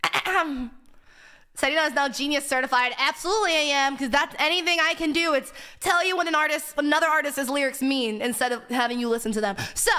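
A woman's voice: high-pitched, quick pace, pushed and bright. A woman streamer chatting casually in a giggly, playful, joking way. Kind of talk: casual chat.

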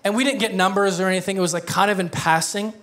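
A man in his thirties preaches to his church in a loose, conversational way. His voice sits a little high, and he keeps slipping into jokes and quick laughs between points. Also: steady tone, a bit bright. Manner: conversational, joking, laughs often. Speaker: pastor. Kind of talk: sermon.

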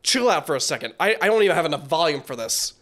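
Man, reaction video host, high-pitched, very animated delivery, rambling, stumbling over words. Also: quick pace. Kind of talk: casual reaction commentary.

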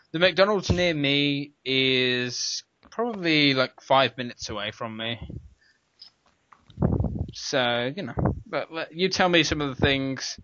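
A man's voice: medium pitch, noisy background. A young British man co-hosting a gaming podcast, chatting loosely and rambling, often laughing. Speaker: podcast co-host. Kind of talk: casual chat. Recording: dull, dry home recording.

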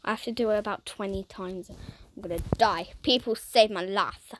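A woman giving casual gameplay commentary, dramatic and excitable, who keeps talking to her viewers and often drops into a whisper. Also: mid-range voice, normal speed, slight background noise. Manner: excitable and dramatic, swinging between squeals and whispers; chats to viewers while playing. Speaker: gaming channel host.

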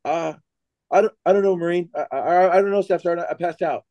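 A man's voice: sits high, brisk, dark tone, no echo, pitched above the performer's own voice. A man voicing a dazed young male Marine who just fainted, stammering meekly. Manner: stammering, meek and confused.

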